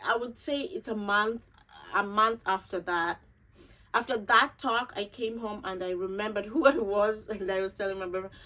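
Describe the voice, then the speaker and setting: A young woman speaks straight to her viewers about a recent loss, earnest and emotional. She circles back and repeats her words for emphasis, and her voice sits at an ordinary middle pitch for a woman. Grief still colors how she talks. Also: sharp tone, low-quality recording. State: grieving. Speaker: vlogger. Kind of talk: personal storytelling to camera.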